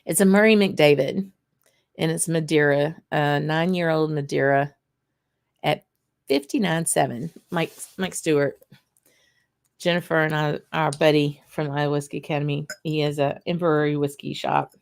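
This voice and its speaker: Low-voiced woman hosting a whisky stream. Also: steady tone, normal speed, gravelly. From Louisiana, USA. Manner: chatty and rambling, laughs often, greets viewers. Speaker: host of a whisky livestream. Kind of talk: casual live tasting chat.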